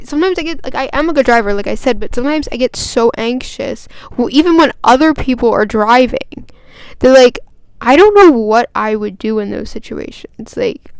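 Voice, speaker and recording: Rambling young woman, smooth voice. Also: a little high, no echo. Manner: rambling, chatty, filler-heavy; grows agitated and emphatic. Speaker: vlogger. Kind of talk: casual storytime rant.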